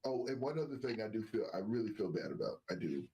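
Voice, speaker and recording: A man's voice: fairly low pitch, big pitch swings, quick pace, mellow, a little hiss or hum. A man co-hosting a casual sports talk show, talking with a nasal voice, repeating himself and using lots of fillers. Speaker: podcast co-host.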